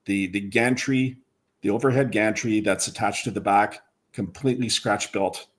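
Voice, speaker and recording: Relaxed low-voiced man, livestream guest. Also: moderate pace. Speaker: guest model builder. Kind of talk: casual chat on a livestream.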